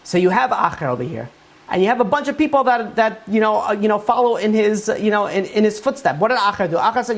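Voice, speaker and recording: A woman teaching a Torah lecture, telling stories in a lively way with many fillers and restarts. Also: medium pitch, quick pace.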